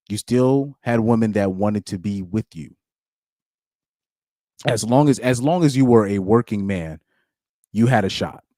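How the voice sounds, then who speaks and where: A man's voice: fairly low pitch, mellow, no echo, clean studio sound. A man hosting his channel, giving casual live reaction commentary in an opinionated way and repeating phrases for emphasis. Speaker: channel host.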